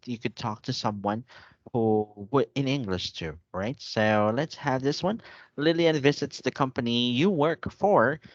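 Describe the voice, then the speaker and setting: A male English teacher with a patient, repetitive way of explaining, his voice close and dry with no room around it. He speaks at a middle pitch and keeps checking that his student follows. The sound is dull and lo-fi, like audio from an online call. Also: no room sound. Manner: patient, repeats and checks with "okay?".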